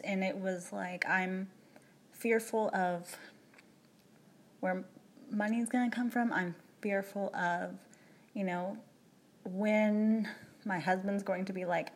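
Candid woman reflecting aloud. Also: medium pitch. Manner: candid, rambling, emotional, many restarts. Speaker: vlogger. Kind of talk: personal reflective monologue.

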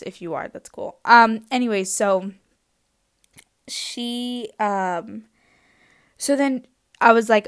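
A young woman hosting a podcast, telling a rambling story in a casual, animated way with lots of filler words. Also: medium pitch, no room sound, studio quality. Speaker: podcast host.

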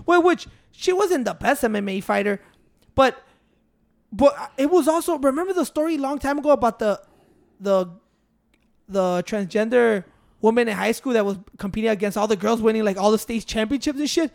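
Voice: medium pitch, lively intonation, normal speed, creaky. Casual co-host, mid-range voice, rambling delivery mixed with Spanish fillers. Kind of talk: casual chat.

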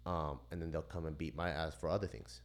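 A man on a casual podcast, telling a story in lively, profane fashion and acting out the people in it. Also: rumbling low, a little fast. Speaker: podcast co-host.

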